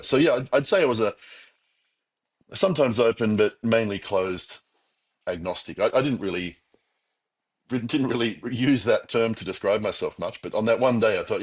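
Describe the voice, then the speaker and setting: A middle-aged Australian man telling his own story as an interview guest, reflective and animated, with restarts and quoted thoughts. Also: on the low side, normal speed, pauses often, husky. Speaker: podcast guest.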